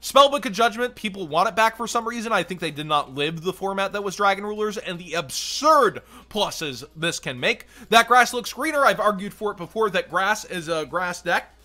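A man hosting a card game channel, giving quick blunt verdicts in casual commentary while his voice is going. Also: high voice, animated, bright, forceful tone. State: losing his voice.

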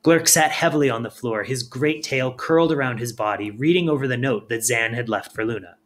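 A man reads a storybook aloud at a calm, steady pace. His delivery is measured and even. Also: medium pitch, a little hiss or hum. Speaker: audiobook reader. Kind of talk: storybook narration.

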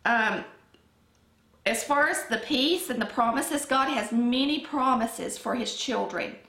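A middle-aged woman with a Southern accent leading a casual Bible lesson, talking in an unhurried, conversational way with frequent ums. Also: fairly high pitch, sharp tone. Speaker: Bible study teacher. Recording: echoey room.

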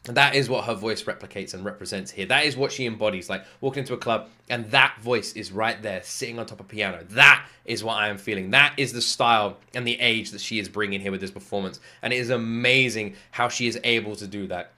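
A man talks through his reaction to a performance, groping for the right words, then landing emphatic praise. His tone is bright and forward. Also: fairly low pitch, brisk, hardly any pauses. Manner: searching for words, emotional and emphatic. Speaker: music reaction video host.

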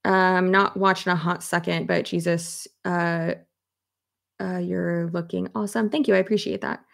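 Woman, young adult, casual commentary, chatty, casual swearing, low voice, gravelly. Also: moderate pace. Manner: chatty, animated, swears casually, many "like" fillers. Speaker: commentary YouTuber. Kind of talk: casual commentary chat, reading live comments.

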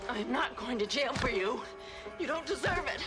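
A woman's voice: high-pitched, expressive, moderate pace, over loud music. An actress playing a distraught, desperate woman who pleads in a panicked voice that sometimes drops to a whisper, in a clip from a TV drama. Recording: clip from a TV drama under loud score, far from mic.

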